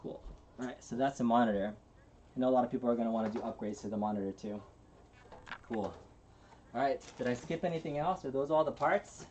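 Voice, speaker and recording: A man hosting a casual live-stream unboxing, talking in a relaxed, rambling way with plenty of fillers and restarts. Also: medium pitch, quick pace, long pauses, slight background noise. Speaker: channel host.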